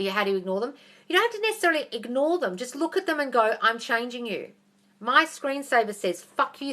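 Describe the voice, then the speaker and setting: Australian woman, 30s, brash livestream coach, bright tone, blunt and sweary. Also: mid-range voice. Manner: blunt, brash and profane, calls listeners darling. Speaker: manifestation coach. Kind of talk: livestream Q&A, reading and answering viewer questions.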